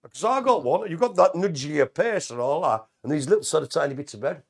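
Co-host type: man, gravelly and a bit husky, lively up-and-down delivery, jokey banter. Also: a little high, fairly quick. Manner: jokey, chatty, animated. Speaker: co-host of a live community show. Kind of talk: casual live chat.

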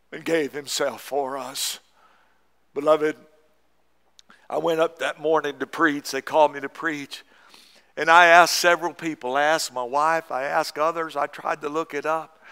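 Fervent preacher man, clear voice. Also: a little high. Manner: fervent Southern preaching, rising to shouts. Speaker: pastor. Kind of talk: sermon. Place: church sanctuary.

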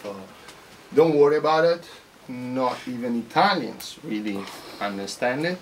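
A poet at a bookshop reading, speaking slowly and deliberately with joking asides. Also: male voice, mid-range voice, animated, distant mic, a little hiss or hum, low-quality recording. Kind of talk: poetry reading.

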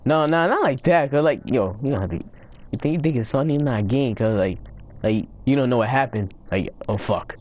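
A man giving rowdy, profane commentary while playing a game, often breaking into loud high-pitched yells. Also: animated, moderate pace, slight background noise. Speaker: gamer recording his play. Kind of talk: casual gaming commentary.

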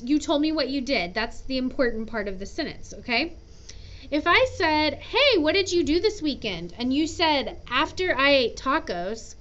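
A woman's voice: high-pitched, fairly bright tone, muffled recording. A woman teaching an English grammar lesson, playfully explaining examples and patiently repeating each word twice for pronunciation practice.

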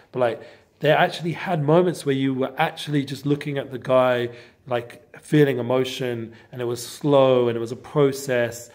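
A man giving a casual inspirational talk to a group, rambling with many fillers and breaking into sudden loud bursts. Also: mid-range voice. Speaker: guest speaker.

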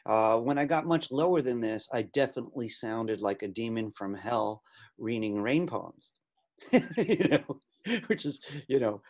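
A man teaching an online class, talking casually with many fillers while he demonstrates software. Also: mid-range voice. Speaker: instructor.

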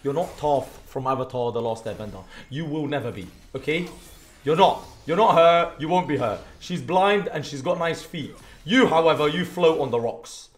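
A young British man streaming a game, commentating live with profane trash talk and sudden shouts. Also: on the high side, lively intonation, moderate pace. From Britain. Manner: trash-talking, profane, erupts into shouts and sing-song bits. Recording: roomy with faint background hiss.

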